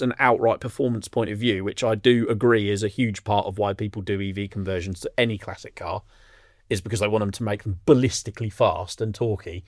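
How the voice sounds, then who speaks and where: A man's voice: lowish voice, darkish tone, dry recording, studio quality. A man co-hosting a podcast in casual chat, reading out listener messages between his own remarks. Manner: chatty, reads listener messages aloud. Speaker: podcast co-host.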